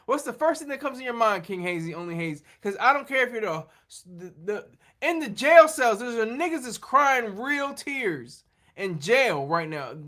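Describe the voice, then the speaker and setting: A man's voice: very high-pitched, bright, forceful tone. A man hosting a livestream, rambling in casual chat, laughing often and poking fun at himself while answering viewers. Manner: rambling, laughing, self-deprecating. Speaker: livestream host.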